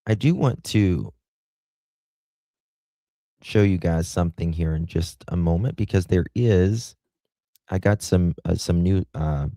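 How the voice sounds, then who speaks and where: A man's voice: low-pitched, slow pace, long pauses, mellow, no room sound. A man hosting a true crime show, reading a news article aloud with frequent fillers, restarts and spelled-out words, adding his own comments. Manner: spells out sensitive words letter by letter.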